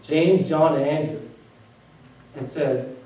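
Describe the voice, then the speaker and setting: A man delivers a sermon, pressing his listeners with one rhetorical question after another. His voice sits a little high for a man and sounds a touch far from the mic. It rings through a very echoey church hall. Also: takes it slowly, mellow. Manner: preaching with many rhetorical questions. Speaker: pastor. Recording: very echoey room, voice from a distance.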